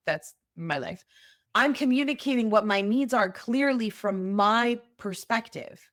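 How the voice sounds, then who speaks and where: A woman's voice: mid-range voice, fairly bright tone, dry recording, clean studio sound. A woman hosting a solo podcast, talking in a conversational, emphatic way and explaining with everyday examples. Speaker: podcast host.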